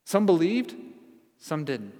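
A man's voice: a little high, very animated, slow pace, dark tone, big-room sound. A man preaching a sermon as pastor, earnest and building to emphatic repetition.

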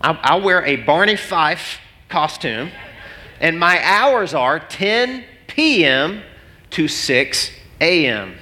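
Animated preacher in a big hall. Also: male voice, slow. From Arkansas. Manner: animated, acts out both sides of his stories with big pitch swings. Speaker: pastor. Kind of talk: sermon storytelling. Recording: long hall reverb.

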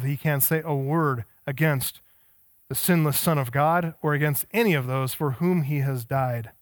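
High-pitched pastor guy preaching hard, piling up phrases, dry close sound. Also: no echo. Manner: emphatic, building intensity with repeated phrases. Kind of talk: sermon. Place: church.

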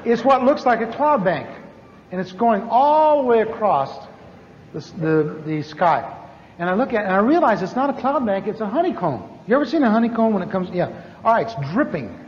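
A man preaching a sermon as a story, animated and acting out the voices of the people in it. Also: moderate pace. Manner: animated, acts out dialogue with big pitch swings. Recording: echoey hall, dull lo-fi sound with faint noise.

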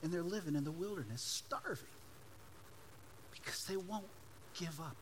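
A man preaching a sermon as pastor, emphatic, swinging between loud declarations and hushed asides. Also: fairly high pitch, animated, moderate pace, a little hiss or hum.

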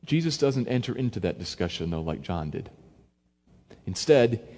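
A man's voice: mid-range voice, big pitch swings, normal speed. Man preaching in a reverberant hall. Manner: conversational, varies loudness for emphasis, acts out quotes. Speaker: pastor. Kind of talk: expository sermon.

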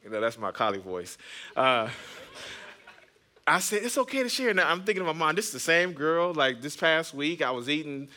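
A man's voice: fairly high pitch, expressive, fairly quick, bright, forceful tone. A man in his thirties, a pastor hosting a podcast, preaching in a chatty way with personal stories and jokes aimed at the congregation. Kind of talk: conversational sermon with personal stories.

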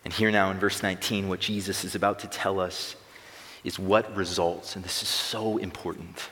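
A man's voice: sits low, flat delivery, moderate pace, pushed and bright. A young man preaching a sermon to a large room, emphatic and building intensity on key phrases. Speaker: pastor. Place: large room with long reverb. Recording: echoey hall reverb.

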